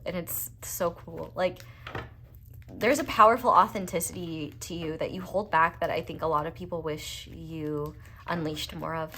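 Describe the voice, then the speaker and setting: A woman's voice: on the low side, background noise. A young woman, doing a casual, rambling tarot reading full of fillers and earnest asides. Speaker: tarot reader.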